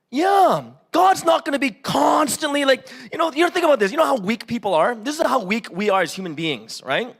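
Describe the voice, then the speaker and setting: A young man preaching a sermon in a church, animated and conversational, acting out pleading voices and asking "right?" again and again. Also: extremely high pitch. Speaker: pastor.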